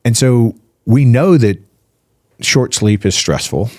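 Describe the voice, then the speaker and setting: A man's voice: mid-range voice, slow, no echo, studio quality. A man appearing as a physician guest on a podcast, talking casually and eagerly, stacking rhetorical questions and "right?" checks as he explains. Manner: animated, piles up rhetorical questions and "right?" tags.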